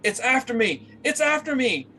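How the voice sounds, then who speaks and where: A man's voice: extremely high pitch, big pitch swings, normal speed, pushed and bright, a little hiss or hum, pitched above the performer's own voice, heavily acted, low-quality recording. A man voicing a terrified young woman who shrieks frantic pleas in a tabletop game. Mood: panicked. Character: panicked young woman with silver hair.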